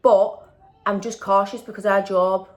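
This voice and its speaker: A woman's voice: mid-range voice, flat delivery, a little slow, darkish tone. A woman, chatting casually in a vlog and tagging questions onto her sentences. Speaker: vlogger. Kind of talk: casual chat.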